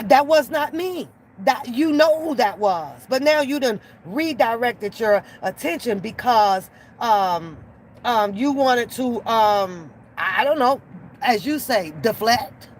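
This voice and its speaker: A reaction-channel host with a slightly high voice delivers an unscripted commentary rant, blunt and exasperated with plenty of profanity. The audio quality is poor, and there's faint background noise.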